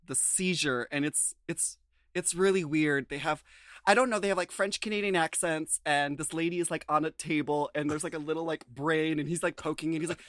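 A man's voice: fairly high pitch, steady tone, brisk, a bit bright, dry recording. A man from the United States chats loosely through a show recap on a podcast. He rambles, restarts and fills his sentences with "like" and "um". The recording is dry and close. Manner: chatty, rambling, full of fillers and restarts. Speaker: podcast co-host. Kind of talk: casual chat recapping a TV show.

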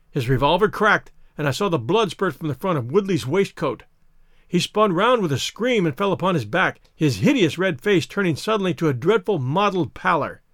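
A man reading a story aloud as narrator, in a steady, measured delivery. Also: on the high side, no echo, clean studio sound. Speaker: audiobook narrator. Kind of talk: scripted narration.

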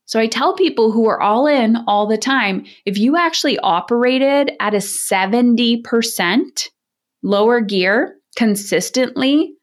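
Direct, energetic woman parenting coach. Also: on the high side. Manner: direct, energetic, acts out quoted voices. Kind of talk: candid podcast interview talk.

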